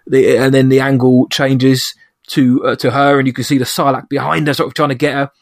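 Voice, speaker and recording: A man's voice: mid-range voice, flat delivery, brisk, no room sound, studio quality. A man co-hosting a podcast in casual chat, animatedly retelling scenes and rambling with restarts. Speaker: podcast co-host.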